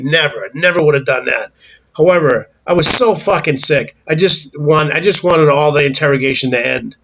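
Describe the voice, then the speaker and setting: A man's voice: fairly high pitch, fairly bright tone, slight background noise, rough recording. A man telling a childhood story in a casual, candid, blunt way, with some swearing and small stumbles.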